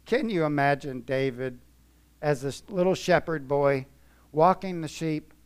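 A man preaching a sermon in a church, emphatic, swinging from soft to loud. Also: a little high, a little slow, smooth. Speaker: pastor.

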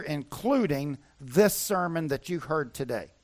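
A man's voice: mid-range voice, unhurried. A man preaching a sermon as pastor, emphatic and repeating his key points.

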